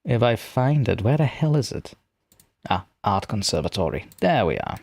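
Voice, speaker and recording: A man chatting casually on a live stream, rambling and poking fun at himself as he fumbles with his software. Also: on the low side, very animated, moderate pace, breathy edge, no room sound. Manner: rambling, self-mocking, talks to himself while fiddling with software.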